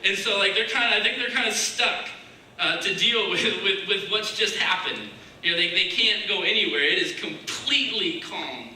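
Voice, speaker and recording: High, sharp-toned man preaching in echoey hall. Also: animated, moderate pace. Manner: casual and searching, acts out prayers in a hushed voice. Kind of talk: conversational sermon. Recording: echoey room, mic far off, faint hiss.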